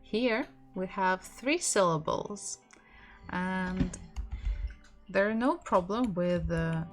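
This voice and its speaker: A woman teaching a streamed language class at an unhurried, measured pace, sounding out each letter and syllable with patience. Her pitch sits in an ordinary middle range. Soft music plays faintly behind her. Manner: patient, spells words out letter by letter; reads viewers' chat messages aloud. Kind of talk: live-streamed language lesson.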